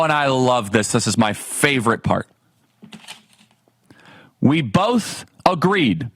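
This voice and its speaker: Male political talk host, emphatic, fairly high voice, dry close sound. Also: dry recording. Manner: emphatic, rhetorical questions, animated. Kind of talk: fiery political commentary monologue.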